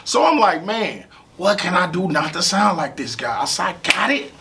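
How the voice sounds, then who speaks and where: Gravelly, animated St. man. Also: high-pitched, normal speed, hardly any pauses, a little hiss or hum. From St. Louis, USA. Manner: animated, profane, repeats "you know what I'm saying". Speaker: rapper interview guest. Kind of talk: casual storytelling interview.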